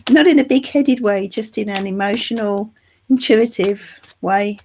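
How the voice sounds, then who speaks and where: A woman's voice: medium pitch, a little slow, a little mellow. A middle-aged woman from England, getting over the flu, reading tarot cards live and chatting affectionately with viewers. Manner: chatty, affectionate, calls viewers love and darling. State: recovering from flu. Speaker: tarot reader and channel host.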